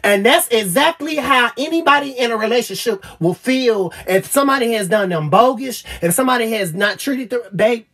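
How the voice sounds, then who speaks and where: A woman gushing over an album in a casual review vlog, swearing freely and stammering with repeated fillers, at times choking up and trailing off quietly. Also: on the high side, lively intonation, moderate pace, few pauses, slightly rough. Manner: gets choked up and trails off quietly. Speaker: music reviewer.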